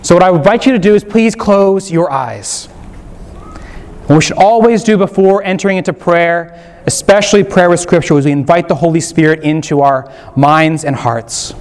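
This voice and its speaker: A man leading a gentle, inviting guided meditation on Scripture as a preacher. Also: fairly high pitch, moderate pace. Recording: long hall reverb.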